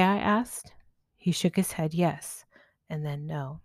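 A woman, a spiritual healer, narrating a story in a gentle, measured way. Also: sits low, no room sound.

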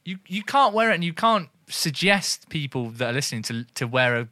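A man co-hosting a comedy podcast, bantering casually, swearing and now and then shouting. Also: fairly high pitch, very animated, a little fast, dry recording, studio quality. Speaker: podcast co-host.

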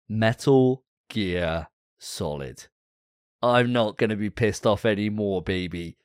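A man's voice: fairly low pitch, slow, no room sound, clean studio sound. A man co-hosting a casual gaming podcast, ranting with plenty of swearing. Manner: profane, fired-up ranting. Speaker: podcast co-host.

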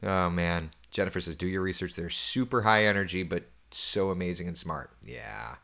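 Brief: male host in his thirties, gravelly low voice, animated casual chatter. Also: moderate pace. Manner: chatty and animated, laughs often, drops to a hushed near-whisper at times. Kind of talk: casual chat reading viewer comments.

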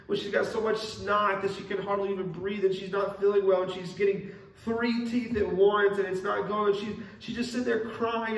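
A young man preaching a sermon as pastor, earnest and repeating key phrases for emphasis. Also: high voice. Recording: echoey room, mic at a distance.

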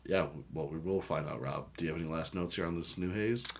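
Deep-voiced man, rambling beer chat. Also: fast talker, vocal fry, slight background noise. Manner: rambling, joking, reads labels aloud. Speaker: beer review podcast co-host. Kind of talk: casual chat.

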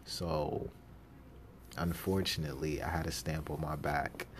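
A man with a low, deep voice hosts a podcast in a loose, casual monologue about his old jobs. He acts out the people he quotes in lively voices and laughs often. Faint noise hangs behind him. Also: a little slow. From New York City. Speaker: podcast host.

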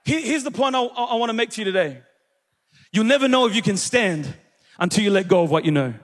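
A male pastor preaches to his congregation, telling a story with lively energy and calling out questions to the room. His voice sits unusually high. The sound rings with the long reverb of a church hall. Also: quick pace. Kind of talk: sermon with storytelling.

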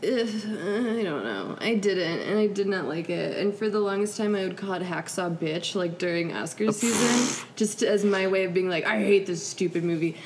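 A woman's voice: mid-range voice, normal speed, hardly any pauses, darkish tone, a little hiss or hum. A young woman co-hosting a podcast, giving blunt, frank opinions on movies in casual chat. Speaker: podcast co-host.

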